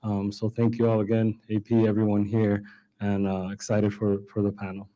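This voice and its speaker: A man's voice: lowish voice, completely flat delivery, normal speed, background noise. A city councilman giving earnest public remarks, often repeating words as he restarts his phrases.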